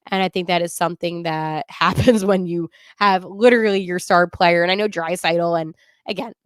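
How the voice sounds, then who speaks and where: A woman's voice: lowish voice, clean tone, dry recording, studio quality. A woman hosting a sports podcast, talking casually and with strong opinions, laughing often as she runs through the standings. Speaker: podcast host.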